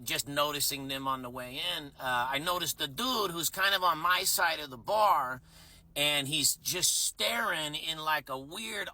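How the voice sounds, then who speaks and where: A man with a very bright, fairly high voice tells a bar story with loose, swearing, self-mocking energy. He rambles, restarts and mocks himself as he goes. The sound is dry and close, with no room around it. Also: no room sound. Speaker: bartender. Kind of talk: casual storytelling.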